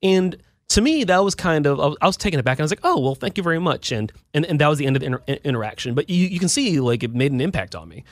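A man's voice: a little high, expressive, very fast, hardly any pauses, no echo. A man, an Army veteran in his thirties, chatting casually and rambling with many fillers and restarts. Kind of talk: casual conversational storytelling.

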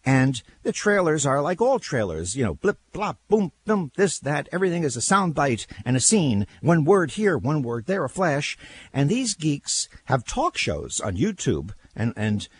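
An older man hosting talk radio, telling stories in casual chat with a husky voice and lots of repeated words. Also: mid-range voice, moderate pace. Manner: animated storyteller, repeats words, laughs.

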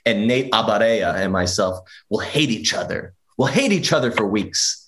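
A man's voice: lowish voice, lively intonation, normal speed, fairly bright tone. Chatty, laughing man hosting sports talk. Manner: laughs often, teasing, chatty. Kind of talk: casual sports chat.

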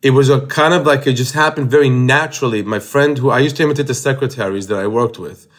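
Male comedian, halting interview talk. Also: medium pitch. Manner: hesitant starts, repeated words. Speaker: guest comedian.

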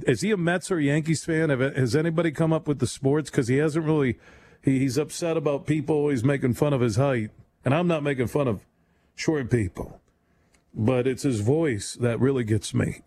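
A man hosting a late-night radio talk show, rambling and animated, laughing often as he talks. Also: medium pitch.

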